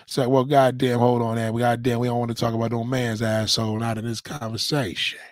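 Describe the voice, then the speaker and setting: A man ranting loudly and profanely on a livestream from home, rambling and repeating himself as he reads viewer comments. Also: medium pitch, flat delivery, a little fast, no echo. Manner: loud, profane, rambling and repetitive. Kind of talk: profane casual rant. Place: at home, in a towel on camera.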